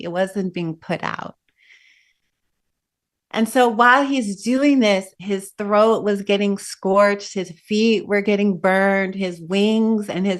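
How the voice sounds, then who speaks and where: A woman meditation teacher telling a story during a dharma talk, animated and conversational with casual asides. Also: medium pitch.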